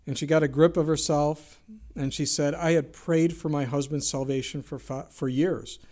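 A man's voice: fairly high pitch, fairly even intonation, moderate pace, a little mellow. Earnest male preacher telling a story. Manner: earnest storytelling, quotes scripture, asks rhetorical questions. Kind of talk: sermon with illustrative story.

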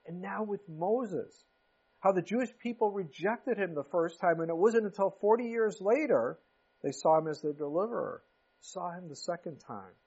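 A man in his fifties preaching a sermon in a relaxed, conversational way that jumps into emphatic bursts. His voice is slightly husky and a bit high for a man. The recording sounds muffled. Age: 50s. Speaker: pastor.

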